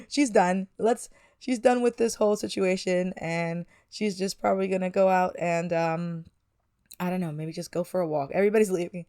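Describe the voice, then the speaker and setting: A woman's voice: mid-range voice, moderate pace, a little mellow, smooth, dry recording, studio quality. A woman hosting a let's play, chatting through a life-sim game with frequent fillers. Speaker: gaming channel host.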